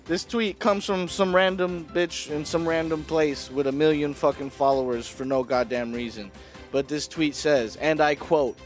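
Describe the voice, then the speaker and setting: Brash, swearing young man riffing. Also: fairly high pitch. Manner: brash, swearing, mock-aggressive rants. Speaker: comedy vlogger. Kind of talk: profane comedic riffing.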